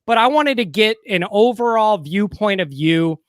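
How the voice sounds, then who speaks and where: A man's voice: high voice, expressive, normal speed, smooth, no echo, clean studio sound. A man with a Chicago accent co-hosting a casual sports talk show, conversational and steering the topics. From Midwest US. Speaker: show co-host.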